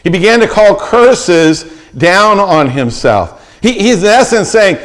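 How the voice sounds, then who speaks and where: A man's voice: sits high, lively intonation, measured pace, hardly any pauses, fairly bright tone. A middle-aged man preaching a sermon as pastor, retelling scripture with vivid, acted-out quotes and frequent restarts.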